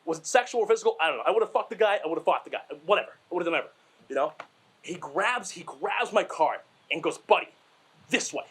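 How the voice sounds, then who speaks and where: A young Massachusetts comic with a high-sitting, husky, fairly bright voice talks quickly and animatedly. Short of breath, he delivers crude, self-deprecating stand-up stories that wander, with plenty of asides and fillers.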